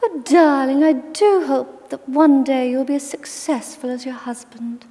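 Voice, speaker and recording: A woman's voice: high-pitched, unhurried, noisy background, pitched above the performer's own voice. A woman putting on a posh elderly lady with a girlish little voice, sugary and condescending. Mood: sweetly cutting. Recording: long reverb from a hall.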